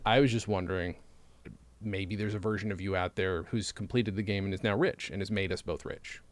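A man co-hosting a comedy podcast, riffing playfully with quick asides. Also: low voice, steady tone, no echo. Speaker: podcast co-host. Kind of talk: casual comedy chat.

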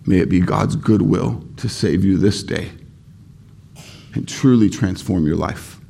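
A male pastor preaches with a low, mellow voice. He speaks earnestly and leans into key words by slowing down. His tone is warm and rounded. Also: creaky, slightly rough. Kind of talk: sermon.

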